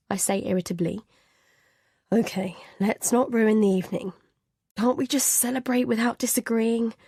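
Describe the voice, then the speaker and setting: A woman reading a first-person suspense thriller audiobook in an even, measured voice, at times dropping to a whisper in tense dialogue. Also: fairly high pitch, breathy edge, no room sound, studio quality. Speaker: audiobook narrator.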